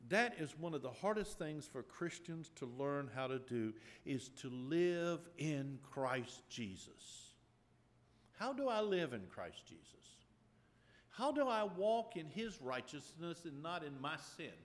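A male pastor telling a personal story in a sermon, earnest, with sudden loud bursts when he acts out voices. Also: fairly high pitch, big pitch swings, measured pace. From Ukraine. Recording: long hall reverb.

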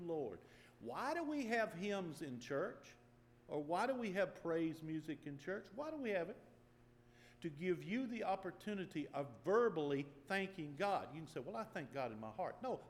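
A man's voice: high voice, big-room sound. An older man preaching an earnest sermon as pastor, rising to emphatic bursts.

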